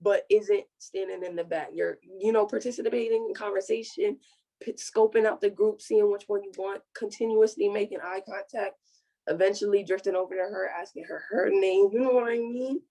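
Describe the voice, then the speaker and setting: Podcast co-host, gravelly mid voice, casual advice-giver. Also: medium pitch, fairly even intonation, moderate pace, dark tone, poor audio. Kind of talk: casual chat.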